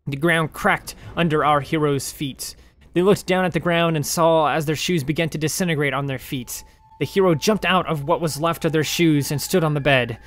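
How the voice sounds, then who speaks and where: A man hosting his channel and narrating his own short story in an animated, casual way. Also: a little high, normal speed, faint music behind.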